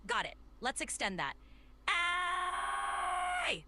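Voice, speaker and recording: A synthetic woman's voice acting as an AI voice assistant, polite, upbeat and accommodating, answering requests with cheerful replies and stretched shouted vowels. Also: a little high, very animated, brisk, heavy background noise.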